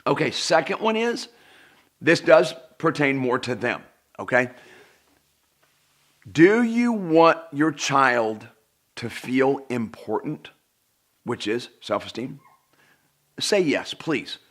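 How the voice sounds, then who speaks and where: A middle-aged man delivers a personal development talk straight to the viewer. He is emphatic and earnest, repeats words to drive points home, and his voice swings widely between loud peaks and quiet drops. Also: medium pitch, very animated, slow, pauses often. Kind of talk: direct-to-camera self-help talk.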